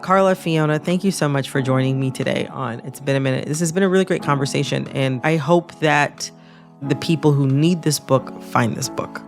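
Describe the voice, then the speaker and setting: A woman hosting a public radio interview, speaking in a thoughtful, personal and measured way. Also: low-pitched, faint music behind. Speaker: podcast host.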